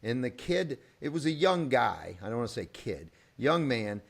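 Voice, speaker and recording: A man hosting a podcast, telling a story in a relaxed, detailed way with small asides. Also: mid-range voice, moderate pace, vocal fry, breathy edge. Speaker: podcast host. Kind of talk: casual conversational interview.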